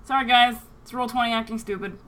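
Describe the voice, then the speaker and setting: A woman's voice: fairly high pitch, steady tone, quick pace, bright, forceful tone. A woman acting as game master, speaking easygoingly and lightly self-deprecating in casual tabletop game chat over online voice chat.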